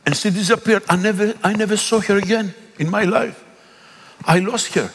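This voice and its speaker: Animated Greek-accented pastor preaching. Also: male voice, sits high, normal speed, a little hiss or hum. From Greece. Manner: animated, emphatic, acts out dialogue. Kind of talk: sermon storytelling. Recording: echoey hall.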